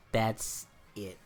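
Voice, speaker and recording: A young man chatting casually while streaming a game, rambling and joking, swearing freely and laughing often. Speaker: gaming streamer. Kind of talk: casual chat while gaming.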